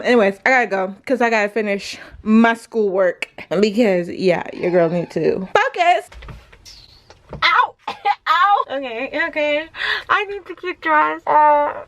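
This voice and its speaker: A young woman, a mother vlogging casually to camera in a chatty, scattered way and laughing often. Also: a little high. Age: young adult. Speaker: vlogger, mom of five.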